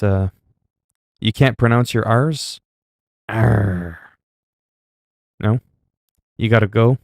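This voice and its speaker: A man from Canada chatting casually on a livestream, with a mellow, soothing voice and a rambling, joking, foul-mouthed manner. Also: on the low side, no room sound. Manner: rambling, joking, heavy swearing.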